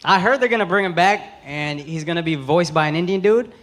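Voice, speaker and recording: A man's voice: a little high, a little fast. A man in his thirties performing a stand-up set on stage, brash and profane, with a mocking delivery. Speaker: stand-up comedian. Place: comedy stage before a live audience. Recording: live show with loud crowd laughter.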